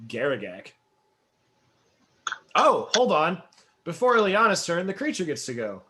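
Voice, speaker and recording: A man's voice: fairly high pitch, wildly swooping pitch, measured pace, noisy background. A man acting as game master for a tabletop game, speaking in a casual way and laughing often.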